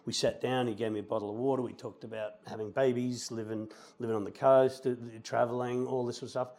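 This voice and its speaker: A middle-aged man, a musical theatre actor chatting as a guest and telling animated anecdotes. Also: medium pitch, fast talker. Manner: animated anecdotes, quotes people in lively voices. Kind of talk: relaxed storytelling conversation.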